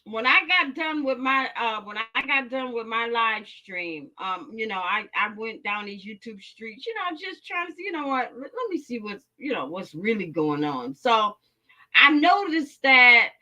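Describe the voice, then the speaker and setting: High, bright-voiced Texan woman storyteller. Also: moderate pace, muffled recording. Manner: animated, profane storytelling. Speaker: live-stream host. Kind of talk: casual live-stream chat.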